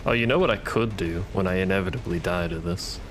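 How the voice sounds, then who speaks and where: A man's voice: sits low, fast, background noise. A man giving casual gameplay commentary, wry and profane, talking back to the enemies on screen. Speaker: gaming streamer.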